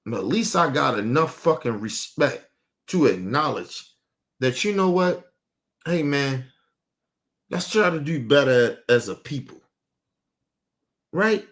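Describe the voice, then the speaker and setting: A young man, ranting emotionally and profanely on a live stream, dropping low and quiet, then bursting out loud. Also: animated, slow pace, long pauses.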